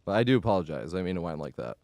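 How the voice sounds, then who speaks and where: A man talks through his live gameplay stream, with a voice that leaps up and down in pitch. He is chatty and excitable, yelling at the game and then apologizing for it. He thanks viewers between plays. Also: racing, vocal fry, no room sound.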